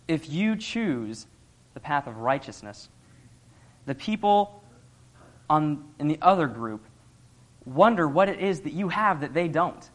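A man's voice: a little high, very animated, takes it slowly, long pauses. A young man giving an earnest, conversational sermon, laughing often as he talks. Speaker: lay preacher.

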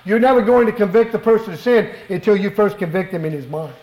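Fervent high-voiced male preacher. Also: animated, fast talker, roomy sound, muffled recording. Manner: fervent, emphatic, rhetorical questions. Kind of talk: sermon. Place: church worship hall.

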